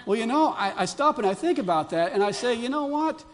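A male pastor preaching a sermon to his congregation, building to emphatic, fervent peaks between quieter storytelling, with frequent restarts. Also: sits high, lively intonation, fast talker.

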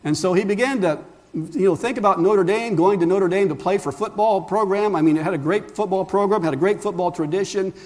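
Speaking fairly quickly in a high-pitched voice, a male pastor preaches with emphasis. Rhetorical questions punctuate his sermon, and he calls the congregation friends.

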